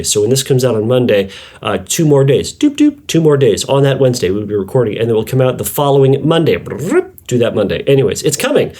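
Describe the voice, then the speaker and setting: Man, podcast host, casual solo talk, rambling, playful, mid-pitched voice. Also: darkish tone. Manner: rambling and playful, puts on silly voices for story characters.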